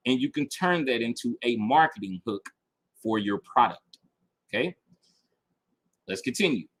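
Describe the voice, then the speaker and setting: A man's voice: mid-range voice, a bit bright, breathy edge. A man teaching a casual online marketing lesson. He is emphatic, repeats his key points and keeps checking in with his listeners. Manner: reads review passages aloud and then picks them apart. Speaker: marketing instructor.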